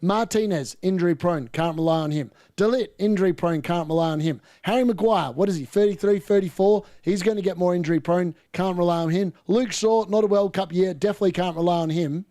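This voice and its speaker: A man hosting a live football watchalong, commenting on play and ranting opinions, getting excitable and yelling at chances. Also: sits high, fairly quick, no room sound, clean studio sound. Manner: excitable, yells at chances on screen. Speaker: host of a fantasy football watchalong.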